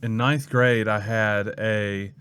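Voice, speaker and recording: In a smooth, lowish voice and at a slow pace, a young student pastor from Mississippi shares his story in a casual interview. He brings it to life by acting out everyone he quotes.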